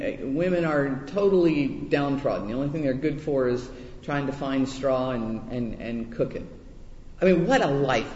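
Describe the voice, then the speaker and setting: A man's voice: fairly high pitch, a little mellow. A man preaching a conversational sermon, chatty and self-deprecating, often restarting his words. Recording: echoey hall, dull muffled sound.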